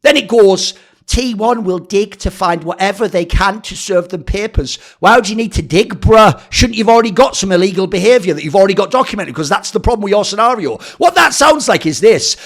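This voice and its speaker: A man's voice: high voice, expressive, fairly quick, fairly bright tone. A man giving heated, sarcastic, profane esports commentary as a channel host. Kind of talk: ranting commentary.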